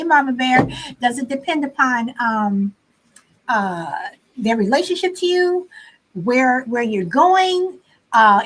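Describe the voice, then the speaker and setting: A woman's voice: on the high side, a bit bright, low-quality recording. A woman hosting a casual live stream, chatting with many fillers and reading out viewers' comments.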